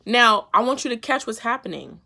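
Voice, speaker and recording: Lively, playful woman vlogger with a bright, gravelly voice. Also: on the high side, a little fast. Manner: lively, playful and slangy, often laughing. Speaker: faith vlogger. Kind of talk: casual devotional talk.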